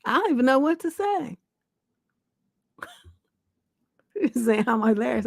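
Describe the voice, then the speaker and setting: A middle-aged woman hosts a relationship-advice livestream. Her voice sits a little high, and it sounds close and dry. She reads the questions aloud, then answers bluntly, swearing and mocking. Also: slow, vocal fry, pauses often, dry recording. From Northern California. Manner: blunt, profane, animated and mocking. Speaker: relationship coach and show host.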